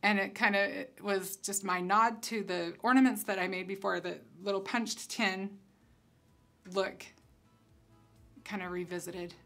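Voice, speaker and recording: A woman's voice: medium pitch, measured pace, soft background music. Chatty woman demonstrating a craft. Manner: chatty, relaxed, thinks aloud while working. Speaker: concept designer demonstrating crafts. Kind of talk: casual craft tutorial.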